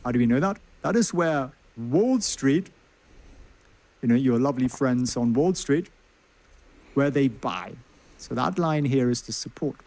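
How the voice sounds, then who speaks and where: A man's voice: medium pitch, animated, unhurried, pauses often, a little mellow. A man giving chatty, joking stock market commentary and asking his viewers questions. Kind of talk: livestreamed stock chart commentary.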